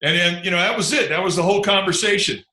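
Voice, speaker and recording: A man who once pitched in the big leagues, telling stories from the mound in a relaxed, laid-back way with chuckles and asides. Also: quick pace. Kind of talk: relaxed anecdotal storytelling. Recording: echoey room.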